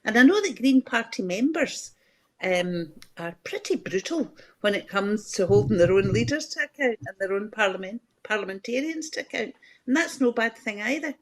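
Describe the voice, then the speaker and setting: A woman's voice: mid-range voice, animated, moderate pace. A middle-aged Scottish woman giving candid political comment in a news discussion, talking conversationally with many fillers and restarts.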